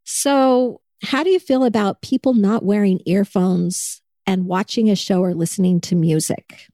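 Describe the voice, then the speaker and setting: Woman telling travel stories, mellow dry voice. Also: mid-range voice, unhurried, dry recording. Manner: animated storyteller, acts out quoted people. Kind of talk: casual chat.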